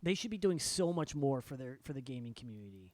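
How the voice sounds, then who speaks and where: A young man co-hosting a podcast rants fast and exasperated, swearing heavily, his medium-pitched, slightly mellow voice swinging widely in pitch. It's a casual rant recorded on a studio podcast mic with no echo.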